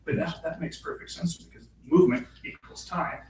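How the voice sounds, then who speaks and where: A man's voice: a little high, flat delivery, normal speed. A man in the audience eagerly musing aloud to connect the teacher's words to his own reading. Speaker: student asking questions. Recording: distant, roomy with faint hiss.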